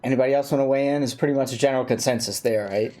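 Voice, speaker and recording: A man's voice: medium pitch, fairly even intonation, rapid-fire, dark tone. A man hosting a livestream, chatting casually with strangers and repeating words as he thinks. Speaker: livestream host. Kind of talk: casual chat on a video-chat stream.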